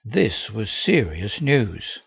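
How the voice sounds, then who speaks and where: Gravelly, husky male storyteller. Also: fairly low pitch, sing-song, slow pace, no room sound, dull audio. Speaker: audiobook reader. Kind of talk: first-person novel reading.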